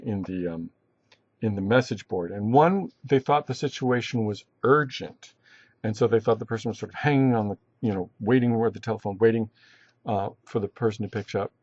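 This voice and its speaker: Guy lecturing, lots of restarts and ums, lowish husky voice, dry kinda dull sound. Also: darkish tone, no room sound. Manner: halting, many restarts and fillers. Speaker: instructor. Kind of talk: recorded online lecture.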